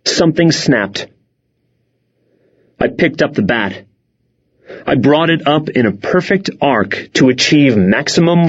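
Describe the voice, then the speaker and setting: A man narrating a first-person story for an audiobook in a measured, tense manner. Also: fairly high pitch, lo-fi sound.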